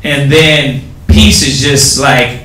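A man teaching a class, explaining things casually and haltingly with many fillers. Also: medium pitch, expressive, bright, forceful tone. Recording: echoey room with faint ambience.

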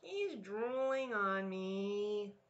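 A woman's voice: mid-range voice, animated, extremely slow, highs cut off. Woman voicing Dot, a fed-up little bunny girl. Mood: exasperated. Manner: emphatic, exasperated.

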